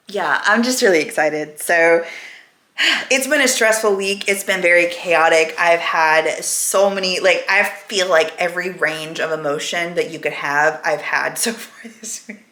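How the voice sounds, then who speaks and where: Woman vlogger, casual and chatty, bright tone, echoey room. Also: lowish voice. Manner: rambling, candid, chatty. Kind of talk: casual weekly vlog chat. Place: at home, indoors.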